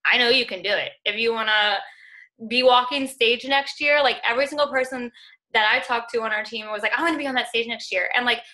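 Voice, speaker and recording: Young female team leader, motivational call, high-ish and bright, earnest, chatty fillers. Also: a little fast. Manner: earnest, encouraging, heavy use of "like" and "y'all". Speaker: fitness coaching team leader. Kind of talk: motivational talk on a group call.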